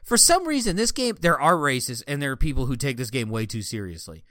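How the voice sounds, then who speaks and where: Young male podcast co-host, bright and animated, dry close sound; chatty storyteller who voices other people. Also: medium pitch, fairly quick, no echo. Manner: animated, acts out other players' lines with laughing. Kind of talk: casual chat, storytelling.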